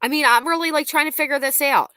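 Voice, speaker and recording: A woman's voice: high voice, quick pace, bright, forceful tone, no echo. A woman hosting a livestream, commenting bluntly and angrily with profanity while reading out chat messages. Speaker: commentary channel host.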